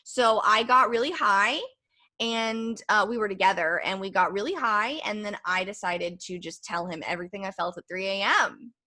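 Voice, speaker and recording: Bright-voiced young woman telling a rambling story. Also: medium pitch, normal speed. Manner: candid, rambling storytelling with lots of fillers. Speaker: podcast host. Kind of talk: casual chat.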